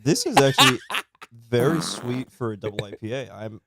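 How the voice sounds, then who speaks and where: A man co-hosting a casual beer-tasting podcast, relaxed and chatty, with plenty of ums and uhs. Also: mid-range voice, normal speed, over a noisy crowd. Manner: relaxed, chatty, says um and uh often. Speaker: podcast co-host.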